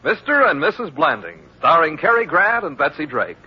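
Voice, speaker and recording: A man's voice: on the high side, very animated, normal speed, husky. Old radio announcer guy, wry and showy, swoopy voice, faint music, muffled. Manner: wry, theatrical. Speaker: announcer and narrator. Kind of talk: vintage radio announcing and narration.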